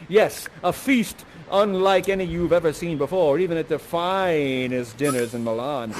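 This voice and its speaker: Man, playful theatrical guide for a live audience, high-pitched, a faint hiss behind. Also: moderate pace, hardly any pauses. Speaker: actor guiding the audience. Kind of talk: live immersive theatre narration.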